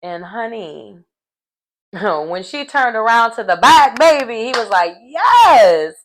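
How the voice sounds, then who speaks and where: A woman giving a sassy, animated casual recap of a reality show, calling her listeners "baby" and "honey" and laughing as she goes. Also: a little high, unhurried. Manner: sassy, animated storytelling with terms of endearment; laughs mid-sentence.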